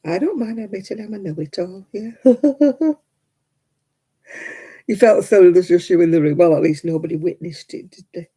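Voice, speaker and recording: Crocheting at home, a middle-aged woman makes casual conversation, teasing herself and breaking into frequent laughter. She speaks at a moderate pace in a lowish, dark, breathy voice and pauses often.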